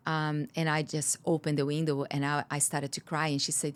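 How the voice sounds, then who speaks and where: Low-voiced woman telling her story. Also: flat delivery, a little fast, hardly any pauses, clear, resonant tone. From Brazil. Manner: earnest, candid, tumbling rush of words with many restarts. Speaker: guest. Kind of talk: personal storytelling in a podcast interview.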